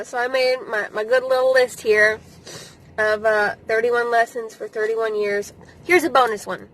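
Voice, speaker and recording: A woman's voice: on the high side, fairly even intonation, normal speed, a bit bright, rough recording. A woman in her thirties giving casual advice to camera in a vlog, blunt, emphatic and freely swearing. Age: 30s. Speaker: vlogger.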